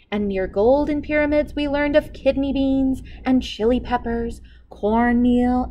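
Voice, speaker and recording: A woman librarian reading a picture book aloud to children with expressive storytelling. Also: a little high, slight background noise, rough recording.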